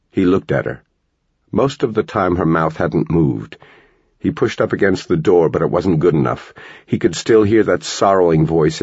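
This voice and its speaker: A man reading a novel aloud as an audiobook narrator, with steady, measured storytelling. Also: deep voice, breathy edge, dry recording, lo-fi sound. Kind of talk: scripted narration.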